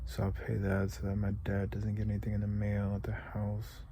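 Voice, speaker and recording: A man's voice: on the low side, completely flat delivery, a little fast, warm tone, a little hiss or hum. A young man from the United States talking through a rambling, emotional confessional vlog, close to tears and sometimes dropping to a whisper. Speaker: vlogger.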